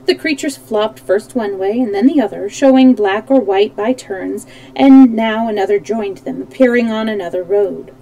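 A woman's voice: medium pitch, normal speed, few pauses, warm tone, low-quality recording. A woman reading a children's storybook aloud, animating the characters and correcting small slips as she goes. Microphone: streaming microphone.

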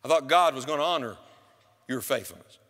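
Sly whispering devil, as a preacher puts him on. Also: male voice, medium pitch, fairly quick, pushed and bright, voice pushed down. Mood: taunting. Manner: insinuating, mocking. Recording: church hall reverb.

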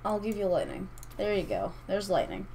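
A woman's voice: mid-range voice, very animated, moderate pace, mellow, slight background noise, rough recording. A woman hosting a let's-play, commenting casually on her strategy game in a rambling, hesitant way that keeps correcting itself. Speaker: gaming channel host.

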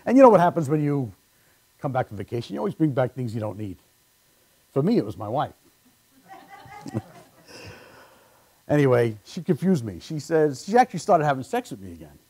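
A man's voice: mid-range voice, very animated, brisk, long pauses, dark tone, husky. A man performing stand-up comedy, telling punchy one-liners on a live show.

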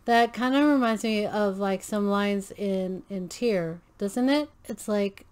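A woman's voice: mid-range voice, slow pace, a little mellow. A woman hosting a reaction video, gushing and thinking aloud with many restarts and fillers. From Filipino American. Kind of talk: casual reaction commentary.

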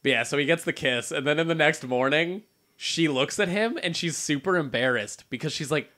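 A man co-hosting a casual podcast chat, swearing freely and acting out characters in quick put-on voices as he recaps a story. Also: fairly high pitch. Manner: animated, profane, acts out characters in quick voices. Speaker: podcast co-host.

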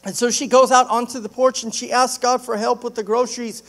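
High-voiced joking pastor. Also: male voice, flat delivery, fairly quick, a bit bright. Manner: joking, conversational storytelling. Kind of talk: sermon.

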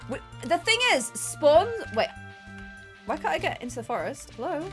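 A woman's voice: sits high, sing-song, normal speed, a bit bright, faint music behind. A young woman hosting a casual gaming live stream, bubbly and giggly, chatting to her viewers and co-op friends. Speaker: streamer and host.

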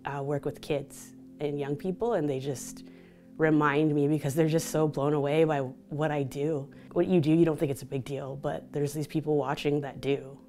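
Low-voiced woman telling her story. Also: steady tone, normal speed, dark tone, faint music behind. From Canada (Vancouver). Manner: open, reflective storytelling with frequent laughter. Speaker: interviewee, DJ and motivational speaker. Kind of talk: candid personal interview.

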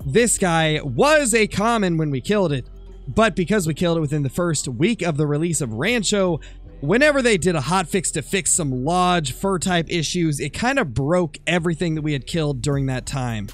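A man who sounds a little raspy while getting over an illness, chatting easygoingly through a game commentary voice-over with plenty of fillers. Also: a little high. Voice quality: slightly raspy. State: recovering from illness. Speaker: gaming channel host.

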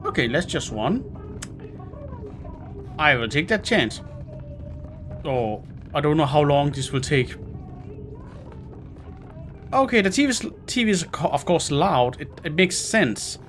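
A man's voice: on the high side, big pitch swings, a little slow, pauses often, a bit bright. A man with a Scandinavian accent, a gaming host muttering, groaning and swearing through a horror let's play. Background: game music.

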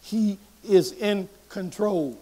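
A man preaching a sermon as pastor, reading scripture aloud and swinging between quiet reflection and loud emphasis. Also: sits high, slow.

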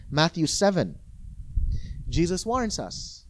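A male pastor preaching a sermon in an animated, conversational way, often asking rhetorical questions. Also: on the high side, slow pace, a little hiss or hum. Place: church.

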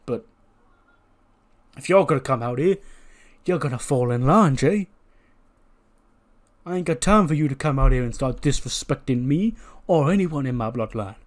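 A man voicing a domineering male wrestling champion who speaks in a measured, condescending way. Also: medium pitch, animated, close to an everyday voice. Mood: commanding. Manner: measured and condescending, with repeated "you know". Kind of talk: mock wrestling promo.

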